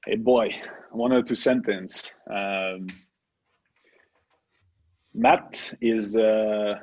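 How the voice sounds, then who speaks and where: Slow reflective man from Quebec. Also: lowish voice, steady tone, a little mellow, muffled recording. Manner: slow, reflective, many pauses and fillers. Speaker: podcast co-host. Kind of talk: casual chat.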